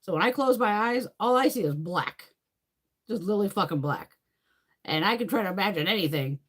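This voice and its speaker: Animated woman swearing through a rambling chat. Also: mid-range voice, fairly quick, slightly rough. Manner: reads and answers viewer comments. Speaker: beauty video creator. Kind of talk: casual live-stream chat.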